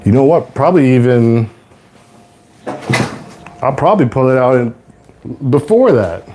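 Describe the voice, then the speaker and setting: A young man from Toronto hosting a casual live cooking stream, rambling to viewers in relaxed slang from his home kitchen. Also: medium pitch, measured pace, noisy background. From Toronto, Canada. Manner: laid-back rambling slang-heavy talk to viewers. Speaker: livestream host.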